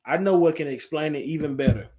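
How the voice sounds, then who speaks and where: A man's voice: a little high, fast talker, warm tone. A man hosting a casual interview, laid-back, often saying "you know what I'm saying.". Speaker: interview host.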